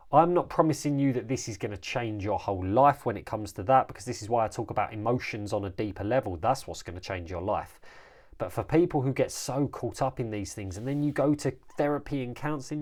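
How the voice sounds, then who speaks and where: A man coaching his listeners directly in a solo podcast, energetic and full of quick restarts. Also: mid-range voice. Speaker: life coach and podcast host.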